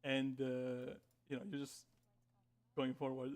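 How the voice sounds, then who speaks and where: A man's voice: mid-range voice, monotone, takes it slowly. A man narrating as game master in a tabletop game, casual and full of fillers and swearing.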